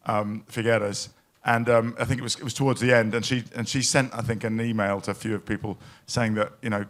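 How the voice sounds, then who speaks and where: A man giving an emotional, anecdotal speech at a live event in a pavilion, full of restarts and halting asides. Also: lowish voice, fairly bright tone. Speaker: panel speaker at a climate event.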